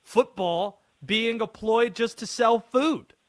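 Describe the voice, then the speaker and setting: Host: playful man, high voice, dry close studio sound. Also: slow, dry recording. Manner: playful, mock-grand patter. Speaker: sports radio host. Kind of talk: call-in sports radio hosting.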